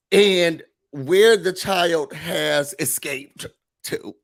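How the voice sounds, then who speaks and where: A man delivers a comic mock corporate briefing in a deadpan, faux-serious tone. His delivery is unhurried, his voice sits a little high, and he drops into put-on emotional breaks. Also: gravelly. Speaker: host of a mock office meeting.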